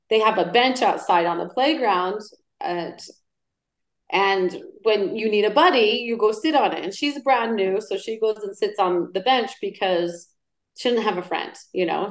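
A middle-aged woman, a podcast guest, chatting casually and telling lively stories. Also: medium pitch, unhurried. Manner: animated storyteller. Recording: roomy echo.

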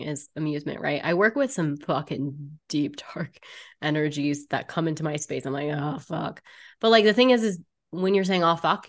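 A woman talking as a podcast guest about energy work, blunt, playful and often swearing. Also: low-pitched. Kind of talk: casual podcast conversation.

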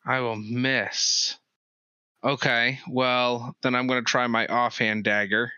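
A player in a live tabletop game who talks through each turn in an unhurried, casual way. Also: mid-range voice, flat delivery, pushed and bright, smooth, dry recording, dull audio. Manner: unhurried, laughs between turns.

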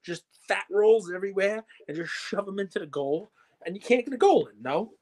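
A man co-hosting a podcast, chatting about sports in an excitable, jokey, rambling way. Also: high-pitched, brisk, a loud crowd. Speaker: podcast co-host. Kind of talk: casual sports chat.

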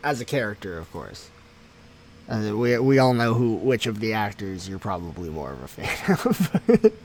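A man hosting a laid-back podcast, his voice sitting a little low. He keeps things playful and laughs easily. A faint hiss runs under the talk. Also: sing-song, normal speed, darkish tone. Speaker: podcast host. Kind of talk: casual podcast conversation.

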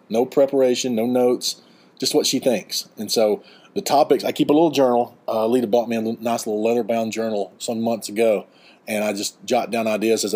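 A man in his forties hosting a casual podcast chat, relaxed and rambling with frequent chuckles. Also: medium pitch. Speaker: podcast host. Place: beach vacation home.

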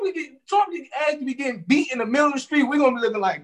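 A man co-hosting a casual talk show, speaking in a heated, profane and animated way. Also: very high-pitched, very fast, hardly any pauses. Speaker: podcast co-host. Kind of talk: casual commentary.

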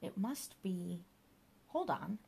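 A woman voicing a puzzled young man who is confused and questioning, with lively pitch. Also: takes it slowly, creaky, breathy edge, exaggerated voice. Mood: bewildered. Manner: bewildered, questioning.

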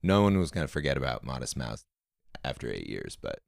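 Young man, guest musician, extremely deep voice, dry close sound, easygoing. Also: very animated, a little fast, creaky, no echo. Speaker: band member guest. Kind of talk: casual interview chat.

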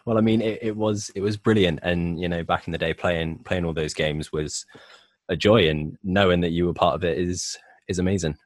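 A nineteen-year-old man hosts a casual podcast, asking his guest questions eagerly and laughing along. His voice sits very low for his age, and it is recorded dry and close. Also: steady tone, normal speed, no room sound. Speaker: podcast host. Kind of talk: casual interview.

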